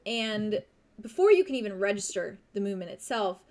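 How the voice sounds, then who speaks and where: A woman's voice: mid-range voice, sing-song, a little mellow. Woman game master narrating scenes. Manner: unhurried, vivid scene-setting.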